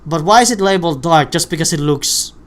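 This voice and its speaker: A man's voice: on the high side, lively intonation, brisk. A man hosts a casual livestream chat and poses questions to his guest. He hesitates often, filling gaps with ums and restarting his sentences. He speaks into a computer mic over a stream call. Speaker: channel host.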